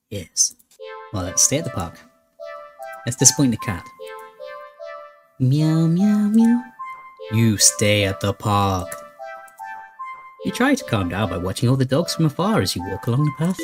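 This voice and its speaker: A playful man hosts a let's play, reading a horror game's narration aloud with dramatic flair and joking asides. His pitch moves a lot. Game music sits clearly behind him. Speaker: gaming channel host.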